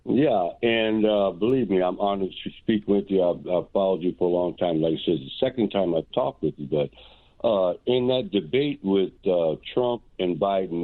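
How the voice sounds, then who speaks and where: A man's voice: low voice, dry recording. A man calling in to a radio talk show, rambling and hesitant with many fillers. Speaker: caller. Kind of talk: call-in radio conversation. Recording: tinny phone line.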